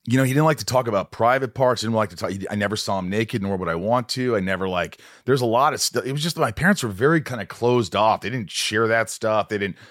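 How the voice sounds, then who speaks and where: A man hosting a podcast, telling stories animatedly and yelling out quoted lines in casual chat. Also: on the low side, fast, hardly any pauses, dry recording, studio quality. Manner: animated storyteller, yells when acting out quotes. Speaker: podcast host.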